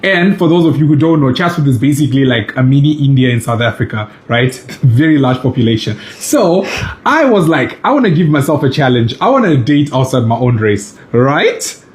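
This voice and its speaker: Playful vlogger man, animated rising pitch, roomy sound. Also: moderate pace. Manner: jokey, playful storyteller. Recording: echoey room.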